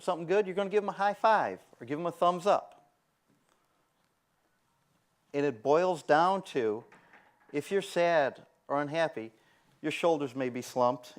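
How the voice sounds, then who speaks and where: Animated male conference speaker. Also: a little high. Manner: animated, acts out quoted voices. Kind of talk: conference talk. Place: conference room.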